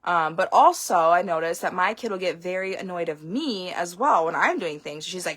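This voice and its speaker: A woman's voice: on the low side, a little fast, few pauses, fairly bright tone. A young woman, a homeschooling parent, talking casually in a vlog and rambling frankly with lots of fillers.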